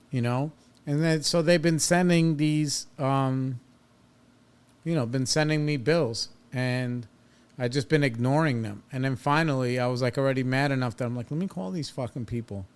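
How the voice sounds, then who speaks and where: Reliving an argument with growing heat, this podcast host, a man in his thirties, tells a personal story in a blunt, casual, profane style. His voice is smooth and mid-range.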